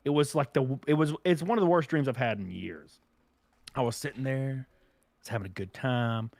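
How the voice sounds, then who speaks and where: A man's voice: mid-range voice, moderate pace, no room sound. A young man co-hosting a comedy podcast, telling crude rambling stories in casual chat. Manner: crude, rambling storytelling with lively swings. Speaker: podcast co-host.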